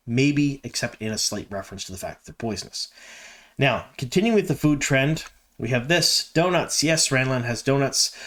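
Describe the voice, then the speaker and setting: A man's voice: mid-range voice, a bit bright. A man from Canada hosting a fan video, talking casually and enthusiastically with frequent ums and asides. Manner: chatty and enthusiastic, many ums.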